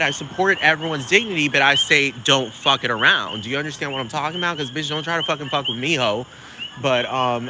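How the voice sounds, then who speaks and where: A man delivering a sassy, profane comedic rant, rambling fast with plenty of attitude. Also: mid-range voice, background noise.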